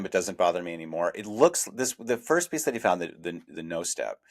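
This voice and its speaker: A middle-aged investigative journalist co-hosts a conversational podcast, speaking reflectively, frankly and self-deprecatingly, and restarting sentences often. His deep voice has lively intonation and moves a bit fast with hardly any pauses.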